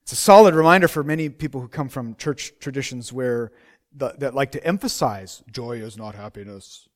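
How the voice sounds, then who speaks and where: A man's voice: medium pitch, normal speed. A middle-aged man preaching a sermon in a conversational way, repeating phrases and asking rhetorical questions.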